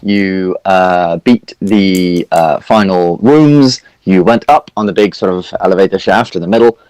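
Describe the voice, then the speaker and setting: A man's voice: sits low, unhurried, a little mellow, dry recording, low-quality recording. A man recapping a tabletop game as dungeon master, rambling with fillers and correcting himself.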